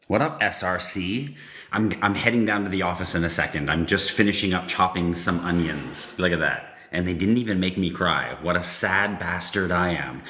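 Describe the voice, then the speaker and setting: A man's voice: sits low, brisk, bright, forceful tone. A man hosting a casual live stream from home, chatting loosely with viewers, joking and swearing freely, picked up without a proper microphone. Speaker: livestream host. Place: echoey room at home, kitchen. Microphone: no proper microphone, device mic. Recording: echoey room, faint noise.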